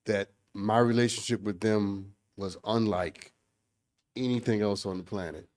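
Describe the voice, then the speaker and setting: A man co-hosting a casual talk show, speaking in a measured, earnest way and slowing to stress points. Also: on the low side, steady tone, darkish tone. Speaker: co-host. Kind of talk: casual chat.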